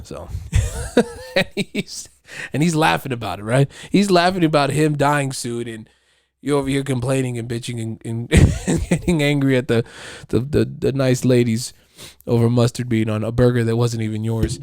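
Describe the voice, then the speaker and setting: A man tells stories in a loose, rambling monologue peppered with swearing and laughter. His voice sits at a medium pitch and is recorded close and dry, with no room sound. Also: moderate pace, a little mellow, no room sound. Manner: profane, rambling, with frequent laughs. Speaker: podcast host. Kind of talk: casual storytelling monologue.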